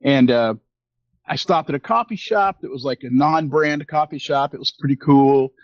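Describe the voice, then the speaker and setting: A man's voice: medium pitch, moderate pace, dry recording, highs cut off. Rambling man in his fifties, dry sound. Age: 50s. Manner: rambling, with many fillers and restarts, acting out quoted exchanges. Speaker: podcast co-host. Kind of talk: casual storytelling chat.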